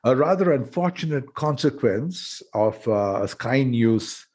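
A man's voice: mid-range voice, lively intonation, unhurried, darkish tone. A middle-aged man hosting a casual chat about words, playful and joking, explaining with examples. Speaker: podcast host.

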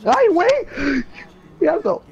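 A man doing a squeaky, gravelly Mexican gangster. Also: fairly quick, lo-fi sound. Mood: defensive. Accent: put-on Mexican Spanish. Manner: slangy, calls everyone fool. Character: rowdy Mexican gangster car thief, male.

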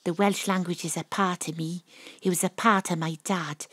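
A woman's voice: fairly low pitch, fairly even intonation, moderate pace, a bit bright, husky, dry recording. Woman playing Astrid, earnest young detective. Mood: pleading. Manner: earnest, pleading. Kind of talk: live-streamed audio drama acting. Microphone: home studio mic. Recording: dry home studio sound.

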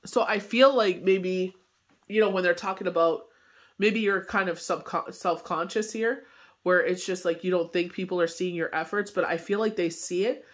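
A man's voice: high voice, moderate pace, fairly bright tone. A man reading tarot cards in a casual spoken forecast, talking in a loose, rambling way full of fillers. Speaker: tarot reader and medium.

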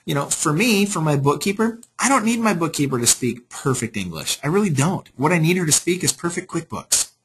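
A man's voice: a little high, very animated, a bit bright, slightly rough. A man being interviewed about his staffing company, easygoing and salesy. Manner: easygoing, salesy, quick to agree. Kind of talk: casual business interview.

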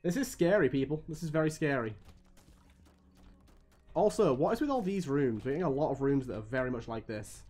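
A man giving live gameplay commentary as a streamer, swearing often and swinging between weary groans and excited yelps. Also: mid-range voice, brisk, pauses often.

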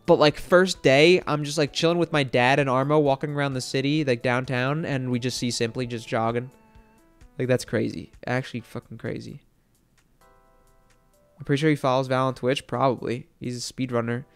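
A young man telling a story to his stream chat, excitable and rambling, with lots of fillers and swearing. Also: mid-range voice, moderate pace, clear, resonant tone, soft background music.

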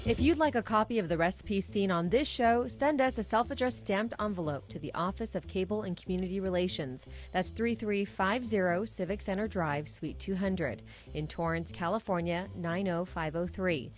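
A woman announcer reads a scripted closing voice-over in a clear, informative way. Her pitch is mid-range, and faint music plays underneath. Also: normal speed.

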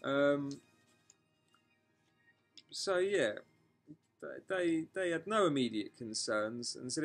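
A man's voice: fairly high pitch, expressive, slow, long pauses, faint music behind. A man telling a personal story to camera in a candid vlog, frank and emotional, swearing freely and restarting his sentences as he goes. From England. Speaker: vlogger.

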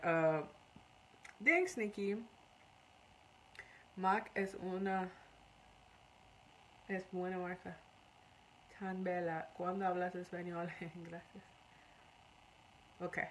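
A woman's voice: mid-range voice, pushed and bright, rough recording. A woman doing a casual live makeup tutorial, chatty, switching between English and beginner's Spanish, with a runny nose. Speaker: makeup artist streaming live.

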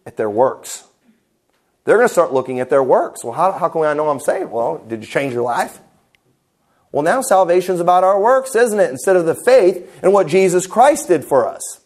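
A fairly high-pitched man, preaching to his congregation in a church. He talks in a loose, conversational way and slips into wry, mocking asides. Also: darkish tone. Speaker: pastor. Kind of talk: sermon. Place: church sanctuary.

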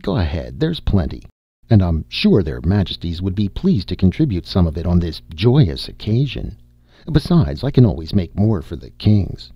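A man voicing a crafty, confident male rebel who talks smoothly and persuasively. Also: sits low, very animated, normal speed, dark tone, no room sound, heavily acted. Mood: sly.

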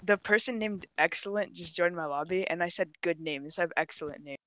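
A woman's voice: fairly low pitch, brisk, fairly bright tone, no echo. A woman chatting casually while gaming with friends, playful and joking, telling rambling stories.

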